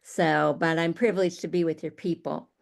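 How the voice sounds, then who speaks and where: An older woman guest, retired, telling lively stories from her career and laughing often. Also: low voice, moderate pace, gravelly. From Arizona, USA. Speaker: guest speaker. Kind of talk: storytelling.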